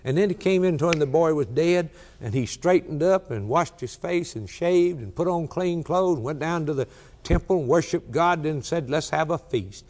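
A man preaching a sermon, emphatic and rhythmic, rising loud and dropping soft, slowing down when he quotes scripture. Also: on the high side. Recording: long reverb of a large hall.

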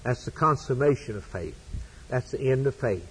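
A man's voice: mid-range voice, expressive, moderate pace, fairly bright tone, husky, poor audio. A man preaching a sermon, with an emphatic, repetitive preaching cadence.

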